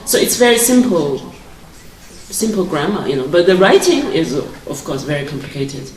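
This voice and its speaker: Chinese woman guest speaker, broken english, bit low voice, far off in an echoey hall. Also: very animated, normal speed, a little mellow, a little hiss or hum. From China. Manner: simple, broken English with many restarts. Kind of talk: public talk on stage. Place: large hall at a public evening event.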